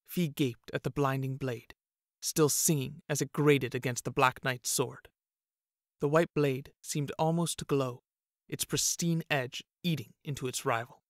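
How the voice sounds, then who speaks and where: A man narrating a fantasy audiobook in a steady, even storytelling manner. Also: mid-range voice, measured pace, no echo, clean studio sound.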